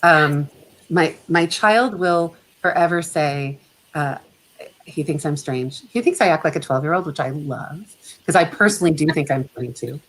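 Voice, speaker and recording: A middle-aged woman is a guest on a casual video call, and her voice sits a little low. She talks in a reflective, chatty way and laughs readily between thoughts. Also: normal speed, a bit bright, low-quality recording. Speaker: guest photographer. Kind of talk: casual chat.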